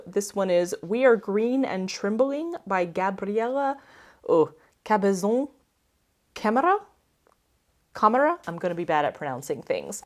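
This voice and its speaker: A young woman chatting casually to her camera about books. She rambles, trails off mid-thought and turns to ask the viewers what they think. Her voice sits at an ordinary pitch for a woman. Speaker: book vlogger.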